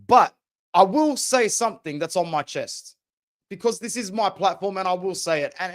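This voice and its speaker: A young man hosting a football podcast, ranting passionately and opinionated in casual slang. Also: sits high. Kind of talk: opinionated sports talk.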